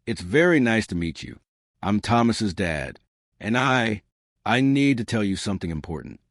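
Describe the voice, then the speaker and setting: A man's voice: on the low side, very animated, normal speed, dry recording, studio quality. A man voicing a remorseful wealthy father whose voice breaks with emotion.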